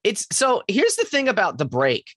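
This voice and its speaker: A man's voice: sits high, huge pitch swings, moderate pace, fairly bright tone, no room sound, studio quality. A young man co-hosting a podcast, goofy and giggly in casual comedic chat. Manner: giggly, goofy, laughs often. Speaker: podcast co-host.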